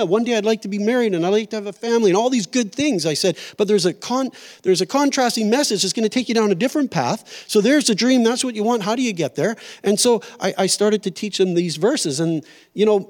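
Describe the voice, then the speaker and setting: High-voiced man preaching a sermon. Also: a little mellow. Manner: conversational, storytelling, self-deprecating humor. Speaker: pastor. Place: church auditorium.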